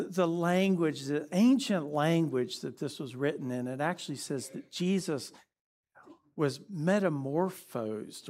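A man preaching a sermon, telling a story in a lively way that shifts between energetic and hushed. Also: fairly high pitch.

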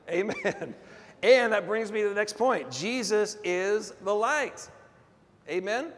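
Preacher guy stretching out his words, asks for amens, big echoey church. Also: sits high. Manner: call-and-response, drawn-out emphatic phrases. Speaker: pastor. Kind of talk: sermon. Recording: long reverb of a big hall.

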